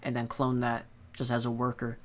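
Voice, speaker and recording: A man's voice: mid-range voice, completely flat delivery, moderate pace, fairly bright tone. A man chatting on a movie podcast in a mid-range voice. He thinks aloud, hedges and says "like" over and over as he works through his theories. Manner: musing, hesitant, lots of "like". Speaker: podcast co-host. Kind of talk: casual movie discussion.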